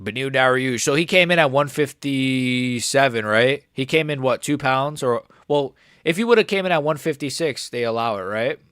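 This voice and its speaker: A man's voice: medium pitch, normal speed, hardly any pauses, a bit bright, clear, resonant tone, no room sound, clean studio sound. A man hosting a live stream, reacting to a fight in a casual, rambling, profane way.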